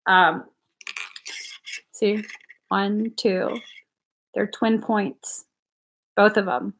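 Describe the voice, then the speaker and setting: A woman's voice: medium pitch, fairly even intonation, drawn-out words, fairly bright tone. A young woman chatting casually on a livestream as a spiritual energy reader, giggly and playful, swearing now and then.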